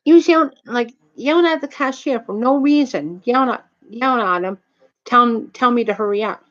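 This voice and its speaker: A woman's voice: a little high, fairly quick, a bit bright. A woman casually retelling a heated personal anecdote, rambling and repeating herself. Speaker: storyteller. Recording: dull lo-fi recording.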